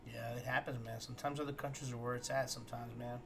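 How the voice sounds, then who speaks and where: A man's voice: mid-range voice, little pitch movement, quick pace, gravelly. A man giving laid-back, slangy reactions in casual chat. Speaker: listener in a chat. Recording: noisy background.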